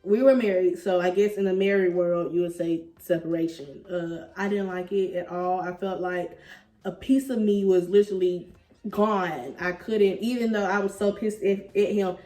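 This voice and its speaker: Young woman, casual storytime chat, animated slangy delivery, roomy sound, set back from the mic. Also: lowish voice, normal speed, recorded from a distance, faint music behind. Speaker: vlogger telling a couple's story.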